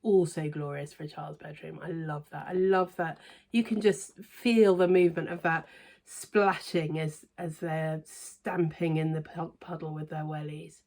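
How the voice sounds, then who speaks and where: A woman reviewing cross stitch books in a casual, hesitant way, trailing into quiet near-whispered asides. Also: deep voice, steady tone, a little slow, creaky. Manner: chatty, hesitant with many ums, softens to near-whisper asides. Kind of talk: casual show-and-tell review.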